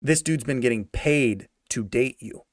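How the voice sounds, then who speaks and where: In this casual movie review, a young guy rants with sarcasm and slang, saying things over and over to drive them home. His voice is medium-pitched and a little slow, captured in clean studio quality with no room sound.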